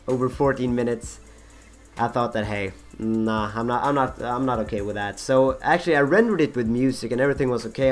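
A gaming channel host, a young man with a husky, medium-pitched voice, rambles through casual gameplay commentary. His talk is full of fillers and restarts, along with self-mocking asides.

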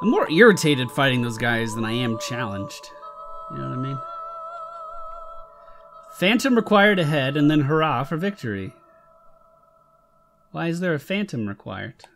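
A man's voice: mid-range voice, expressive, fast talker, fairly bright tone, slight background noise. A man giving casual gameplay commentary on a let's play, swearing and exasperated, talking back at the game.

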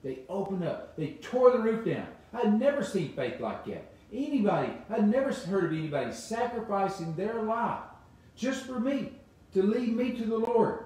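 A man pastor preaching a sermon with emphasis, repeating phrases and swinging from loud to soft. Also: high-pitched, big pitch swings, moderate pace. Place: church sanctuary. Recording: very echoey church hall, voice from a distance.

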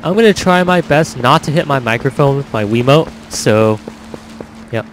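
A man's voice: mid-range voice, animated, moderate pace, noisy background. A young man hosting a let's-play, chatting upbeat to his viewers. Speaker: gaming channel host. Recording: game music behind.

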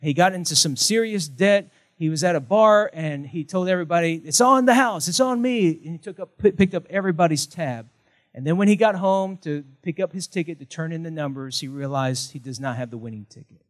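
A man's voice: fairly high pitch, a little fast. A male pastor, preaching a sermon with emphatic, punchy repetition and light jokes.

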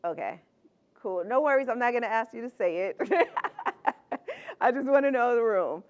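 A middle-aged woman speaking at a conference with a slightly high voice. She talks in a chatty, upbeat way and laughs often. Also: lively intonation, normal speed, a little mellow, lo-fi sound. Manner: upbeat, conversational. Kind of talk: conference talk.

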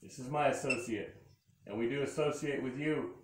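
Man softly coaxing a spirit, roomy. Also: mid-range voice, normal speed. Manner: coaxing, asks soft repeated questions. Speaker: paranormal investigator. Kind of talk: talking to a spirit during an investigation. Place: old log cabin museum indoors. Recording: roomy, noisy field recording.

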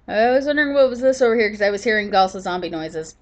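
Fast and with hardly any pauses, a woman with a medium-pitched, lively voice narrates her own gameplay as a gaming channel host. Despite sounding sleepy and yawning, she rambles casually with lots of fillers and restarts.

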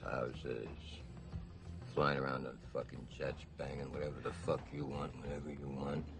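An actor playing a crude, boastful gangster boxing promoter who drawls slowly and laughs between lines. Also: male voice, a bass voice, flat delivery, gravelly. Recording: film soundtrack with music behind.

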